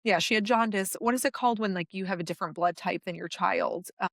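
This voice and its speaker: A woman's voice: mid-range voice, quick pace, vocal fry, no echo. Young woman telling her story, dry sound. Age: young adult. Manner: animated, acts out her own past words. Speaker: podcast guest. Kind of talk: emotional personal storytelling.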